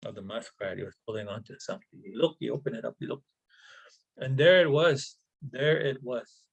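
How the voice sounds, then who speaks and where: A man's voice: medium pitch, rough recording. Man telling a traditional tale. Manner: halting, repeats words, conversational asides. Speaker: storyteller. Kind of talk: oral traditional storytelling.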